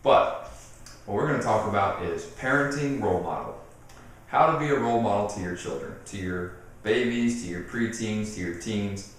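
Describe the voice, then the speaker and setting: A man giving casual parenting advice straight to camera, animated, acting out what people say and repeating himself as he goes. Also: on the low side, normal speed. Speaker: parenting video host. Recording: very echoey room, mic off at a distance.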